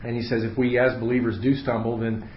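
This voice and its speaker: A man leading a casual Bible study, explaining the text in a relaxed, unscripted way full of fillers and restarts, to a small group in a room. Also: medium pitch, fast talker, a little hiss or hum. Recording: roomy, slightly dull room recording.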